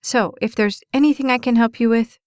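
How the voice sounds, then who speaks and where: Woman reading a young shoe store girl, perky and friendly, a little higher voice, dry close sound. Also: fairly even intonation, a little fast, dry recording, natural voice. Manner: bright, upbeat. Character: young woman, tired college student shoe clerk.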